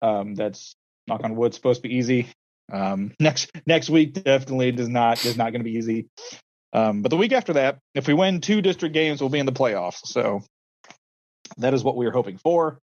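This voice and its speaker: A young man co-hosting a podcast, telling everyday stories in a loose, rambling way, full of "um" and "like" and quick quoted voices. The sound is dull and lo-fi, from a modest mic. His pitch sits in a middle range for a man. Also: lively intonation, a little mellow. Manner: rambling with many fillers, acts out quoted voices. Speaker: podcast co-host, schoolteacher and coach. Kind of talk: casual storytelling chat.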